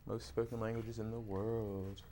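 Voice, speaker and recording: Slow-talking young man hosting a quiz. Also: lowish voice, a little hiss or hum. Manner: relaxed, laughs often, hums a tune. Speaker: quiz show host. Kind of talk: casual game show hosting.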